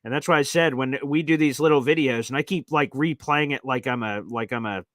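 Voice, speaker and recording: A man hosting a live call-in talk show, chatty and animated, often acting out his callers. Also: medium pitch, no room sound, studio quality. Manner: animated, acts out callers in quick impressions. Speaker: host.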